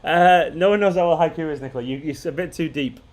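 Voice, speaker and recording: A fast-talking man with a fairly high pitch hosts a football fan channel's casual live watchalong chat. Rambling and chuckling, he often starts his sentences over.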